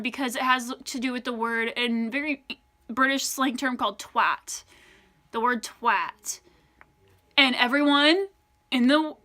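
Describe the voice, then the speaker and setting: A young woman from the United States rants to camera in an unedited vlog. Her voice sits high and sounds bright and sharp. She talks in an exasperated, profane way, full of "like"s. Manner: profane, exasperated ranting with frequent "like". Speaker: vlogger.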